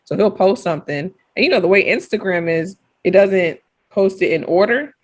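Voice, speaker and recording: A woman's voice: mid-range voice, normal speed. A woman in her thirties co-hosting a podcast in casual chat, telling stories and acting out quoted voices. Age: 30s. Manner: lively storyteller who acts out quoted voices. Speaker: podcast co-host.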